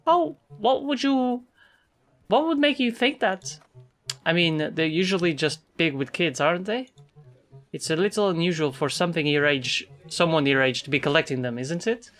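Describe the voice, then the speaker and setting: A woman's voice: on the low side, expressive, normal speed, faint music behind, lightly acted. A woman voicing game dialogue for a condescending older female coworker who calls everyone sweetie. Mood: sweetly menacing. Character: sugary, sharp-tongued older woman coworker.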